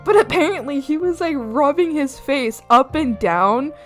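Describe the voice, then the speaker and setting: A high-voiced young woman chatting on a live art stream, her pitch bouncing all over as she laughs and yelps at her pets. She rambles casually to her viewers, and soft music plays underneath. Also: moderate pace. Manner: giggly and animated, yelling playfully at her pets.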